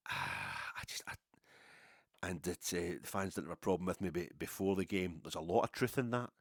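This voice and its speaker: A middle-aged Scottish man with a very low voice rambles through a story at his own expense. His casual talk is dotted with swearing. The recording is close and dry. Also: lively intonation, normal speed, vocal fry, breathy edge, dry recording. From Scotland. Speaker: podcast host.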